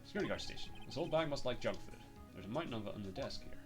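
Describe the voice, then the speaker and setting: A man's voice: mid-range voice, animated, rapid-fire, music in the background. A male streamer reading a detective game's dialogue aloud, switching voices for each character.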